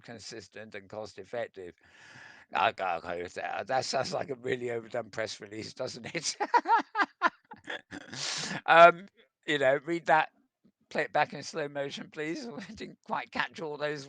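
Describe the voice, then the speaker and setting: Chatty man with a bright, dry voice. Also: lowish voice, no echo. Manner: chatty, wry asides, frequent ums and chuckles. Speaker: news show host. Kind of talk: casual news roundup reading articles.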